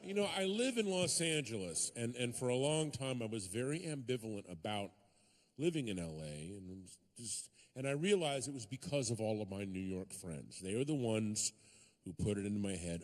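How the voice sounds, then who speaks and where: A man performing stand-up comedy, telling stories with animated swings and sudden shouted punchlines. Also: on the low side, normal speed. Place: comedy stage before a live audience.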